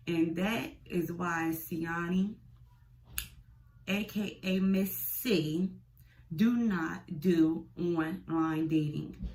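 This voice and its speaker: A young woman vlogger telling a storytime tale, blunt and profane, animated and chatty. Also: mid-range voice, slow pace, a little hiss or hum, poor audio. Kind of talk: storytime vlog.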